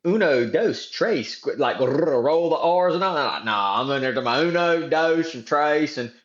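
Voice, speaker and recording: A man's voice: fairly high pitch, moderate pace, fairly bright tone, reverberant, dull audio. A man in his forties with a South Georgia Southern accent, telling folksy stories as a podcast guest in casual chat. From South Georgia, USA. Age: 40s. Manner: folksy storytelling, drawling slang.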